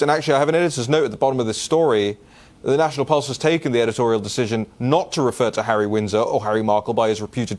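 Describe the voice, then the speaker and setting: Animated man hosting a call-in commentary show. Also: medium pitch. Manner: animated, with frequent restarts and repeated words. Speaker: show host answering listener questions. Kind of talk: casual political commentary.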